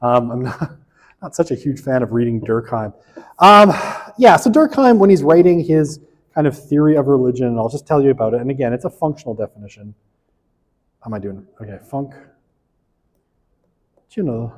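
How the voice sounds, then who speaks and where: A man's voice: mid-range voice, expressive, moderate pace, pauses often, big-room sound, rough recording. A man giving a casual university sociology lecture, chatty and self-deprecating, often checking in with "right?". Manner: chatty, frequent "right?" tag questions, self-deprecating asides.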